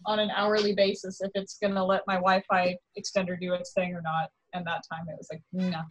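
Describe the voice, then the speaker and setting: Husky-voiced woman, playful and chatty. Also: fairly low pitch, flat delivery, a little fast, poor audio. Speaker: player joining remotely. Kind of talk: casual chat.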